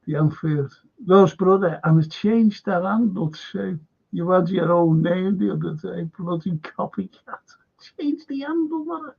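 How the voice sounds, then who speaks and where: Reading the live chat on his podcast stream, this middle-aged host chuckles through viewer comments and drops the odd curse word. He speaks a little slowly in a high, husky, animated voice with vocal fry. It comes through as dull lo-fi stream audio.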